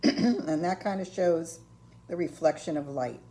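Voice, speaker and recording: An older woman giving a patient, step-by-step ceramics painting lesson, filling pauses with ums and okays. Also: low-pitched, dark tone. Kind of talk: step-by-step craft tutorial.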